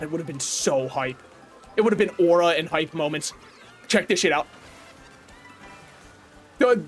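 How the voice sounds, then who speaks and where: A man streaming a racing game live, commentating with excitable, profane banter toward the other players and chat. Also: on the high side. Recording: faint game music behind.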